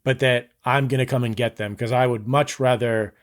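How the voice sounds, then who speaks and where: A man's voice: mid-range voice, fairly even intonation, normal speed. A man in his thirties, a podcast guest, talking earnestly and rambling in casual conversation, often saying "like". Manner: earnest, rambling, heavy use of "like".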